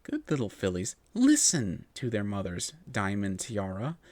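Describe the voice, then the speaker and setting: Man doing a cold, hushed pony mother. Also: on the low side, huge pitch swings, no echo, voice pushed down. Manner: slow, hushed and menacing.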